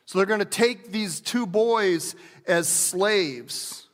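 A man's voice: high voice, slow, fairly bright tone, big-room sound. A man preaching a sermon as a pastor, talking in a conversational way with restarts and bits of acted speech.

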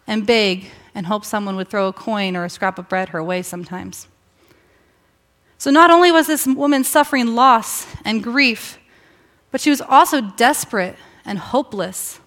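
A woman pastor preaching a sermon, telling a Bible story with emphatic pauses and rhetorical questions. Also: a little high, a bit bright.

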